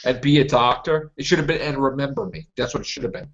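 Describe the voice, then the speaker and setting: A man's voice: medium pitch, fairly even intonation, quick pace. A man hosting a fan podcast, ranting with indignation and repeating himself as he complains. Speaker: podcast host. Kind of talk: heated fan podcast discussion. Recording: lo-fi podcast audio.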